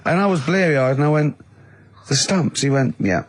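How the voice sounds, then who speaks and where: Laughing English radio host. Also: male voice, a little high, fast. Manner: animated anecdote-telling, laughs a lot. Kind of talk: casual radio chat. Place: radio studio.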